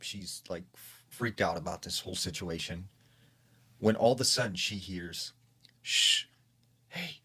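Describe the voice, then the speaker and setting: A man's voice: lowish voice, pushed and bright, breathy edge. A man casually retelling a true scary story, talking in a loose, conversational way full of "like" and "you know.".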